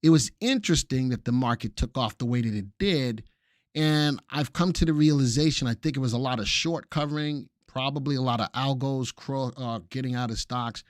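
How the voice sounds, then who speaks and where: A man's voice: medium pitch, normal speed, dry recording, studio quality. A man hosting a live stream about the stock market, who chats with viewers, greets them by name and cracks jokes.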